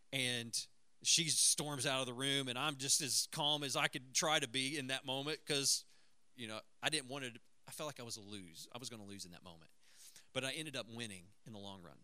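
Bright-voiced man giving a parenting talk. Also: medium pitch, no room sound. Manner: conversational, self-deprecating storytelling with audience asides. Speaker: high school pastor.

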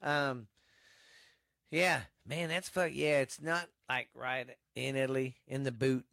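A man's voice: medium pitch, a bit bright, no room sound, studio quality. A man with a Texan accent hosting a podcast, rambling bluntly through the news with constant swearing. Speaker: podcast host. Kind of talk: casual profane news chat. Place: home desk setup.

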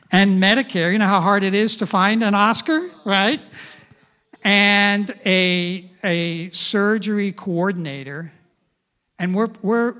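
Male pastor, middle-aged, animated sermon, high voice, muffled lo-fi recording. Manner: animated preaching, voicing Jesus in first person. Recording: dull lo-fi sound.

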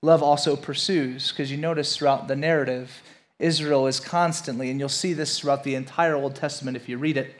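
A man's voice: medium pitch, brisk. A young adult man from Louisiana preaching a sermon as pastor, telling stories and building to emphatic points. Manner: animated storytelling, acts out quotes, rises to emphatic preaching.

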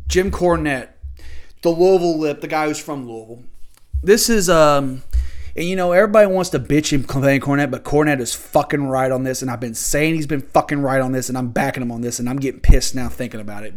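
A man hosting a solo podcast in casual commentary, talking heatedly with lots of swearing and restarts. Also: medium pitch. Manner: heated, profane, rambling with restarts. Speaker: podcast host.

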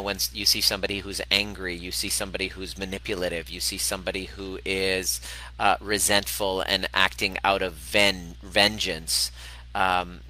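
A man's voice: sits low, pushed and bright, rough recording. A man hosting a casual spoken monologue as a relationship coach, candid and a little profane, with frequent restarts. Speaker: podcast host, relationship coach.

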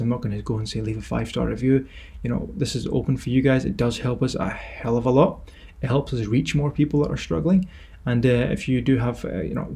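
A man's voice: medium pitch, vocal fry, warm tone, slightly rough. A young Scottish man hosting his own podcast, giving an encouraging, rambling pep talk on a headset mic. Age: young adult. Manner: encouraging, rambling with fillers and restarts. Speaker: podcast host and personal trainer.

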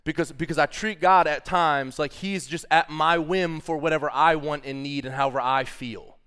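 A man preaching a lively sermon in a drawl, his voice smooth and resonant and pitched a little high for a man. He keeps things loose and playful, talking to the congregation as y'all between readings from the Bible. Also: moderate pace. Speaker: pastor.

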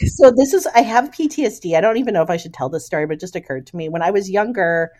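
Middle-aged woman podcaster telling a story, super lively voice jumping all over, laughing through it, acting out everyone. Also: on the low side, fast talker. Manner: animated, laughing storyteller who acts out quoted voices. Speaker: podcast co-host. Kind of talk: casual storytelling chat.

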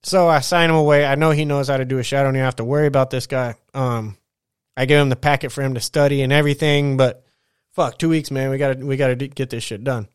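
Guy rambling through a work story on his podcast, lots of swearing, clean smooth voice, dead dry room. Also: medium pitch, fast talker, no echo. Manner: rambling, profane, animated retelling. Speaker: podcast host. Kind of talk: casual storytelling monologue. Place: at home getting ready for bed.

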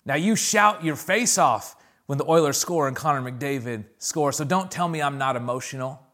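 A man in his thirties delivers a sermon with a fairly high voice. He urges the congregation on with repeated calls and builds his points with force. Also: moderate pace, a bit bright. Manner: preaching with rising intensity, repeated "come on" calls. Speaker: pastor.

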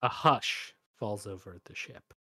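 A man's voice: on the low side, unhurried, bright, forceful tone, no echo, studio quality. Man narrating as game master. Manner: loose, hesitant narration.

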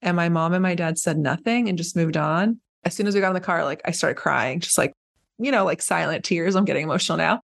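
A woman host with a low voice and a gravelly edge of vocal fry. She talks in a relaxed, casual way, sharing personal stories openly. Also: fast. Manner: open, personal storytelling. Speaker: podcast host. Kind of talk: casual conversation.

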